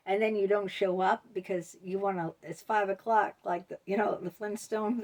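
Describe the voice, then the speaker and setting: A woman's voice: mid-range voice, steady tone, normal speed, few pauses. A woman vlogger talking casually to camera, rambling with many ums and you-knows.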